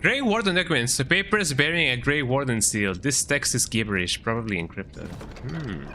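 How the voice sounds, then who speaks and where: A man's voice: mid-range voice, lively intonation, moderate pace, pushed and bright, slight background noise. A man streaming a video game, chatting casually in a rambling way and tagging lines with "eh". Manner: rambling, frequent "eh" tag. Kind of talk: casual gameplay commentary.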